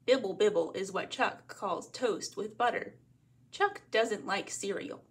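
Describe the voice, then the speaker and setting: A woman from a library reading a picture book aloud as a bedtime story, in a gentle read-aloud manner. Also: medium pitch, takes it slowly, breathy edge.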